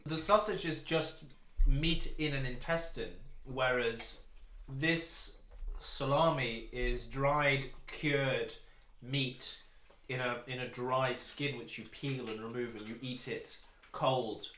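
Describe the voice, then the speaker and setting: A man's voice: medium pitch, steady tone, takes it slowly, sharp tone, echoey room. A young man from England hosting a casual food-review podcast, wry and mock-formal, laughing often among friends. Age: young adult. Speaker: podcast host. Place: room with friends around a table.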